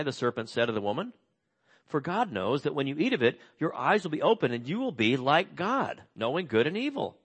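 A middle-aged male pastor preaching a sermon and reading scripture, earnest, slowing and dropping soft on key words. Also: medium pitch.

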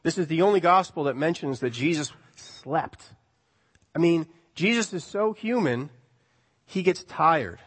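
Male preacher, animated and conversational, rhetorical questions, voice ringing in a large church hall. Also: fairly high pitch, a little slow, breathy edge. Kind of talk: sermon.

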